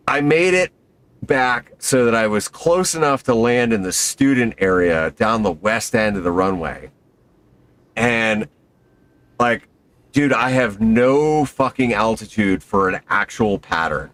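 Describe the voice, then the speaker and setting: A man recounting a story in casual chat, swearing constantly. His pitch swings widely as he acts out what people said, climbing high when excited. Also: measured pace. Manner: profane, excitable, acts out quotes in a higher voice. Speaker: skydiver telling a story.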